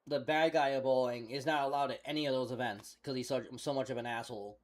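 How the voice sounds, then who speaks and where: A young man talks into a headset in a loose, rambling way. His voice sits at an ordinary middle pitch, and he swears freely as he tells his story. It sounds like relaxed streaming chat. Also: fast talker. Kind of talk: casual chat.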